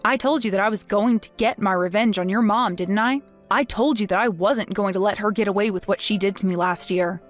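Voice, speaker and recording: A woman's voice: medium pitch, fairly quick, few pauses, faint music behind, close to an everyday voice. A woman voicing a vengeful young wife who speaks in a mocking, sarcastic way. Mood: taunting. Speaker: wife in a text-message story.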